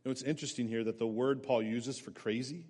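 A man preaching a sermon as pastor, animated and emphatic. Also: medium pitch, fast, long reverb tail. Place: church sanctuary.

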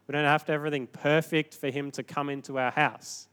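A man preaching a sermon in a conversational, animated way, moving between quiet reflection and emphatic points. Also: on the high side, fast talker, smooth. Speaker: pastor.

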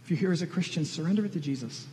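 A man's voice: on the high side, expressive, very fast, a little mellow, slight background noise. A middle-aged man preaching a sermon, earnest and direct, pressing questions on his congregation. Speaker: pastor. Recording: long reverb of a large hall.

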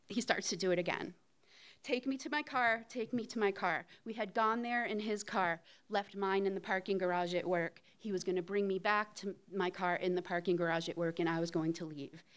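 A middle-aged woman tells a personal story live on a theater stage. Her voice is smooth and clear at a middle pitch, and she talks candidly and conversationally, with fillers and short laughs.

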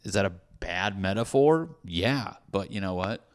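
A man's voice: deep voice, animated, unhurried. A man in his thirties chatting casually on a podcast, rambling and swearing freely with self-deprecating humor. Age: 30s.

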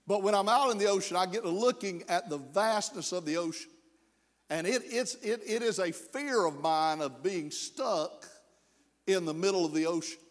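Male pastor, middle-aged, sermon, high voice, folksy, emphatic, long hall echo. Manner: folksy preaching with self-deprecating humor, rising to slow emphatic pleas.

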